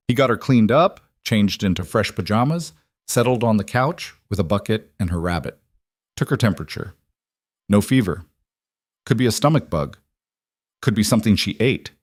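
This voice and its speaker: Lowish, dry male story narrator. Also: lively intonation, normal speed, no echo.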